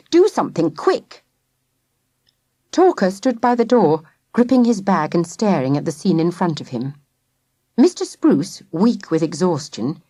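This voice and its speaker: Woman narrator, animated storybook reading, dry close mic. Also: mid-range voice, dry recording. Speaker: audiobook narrator.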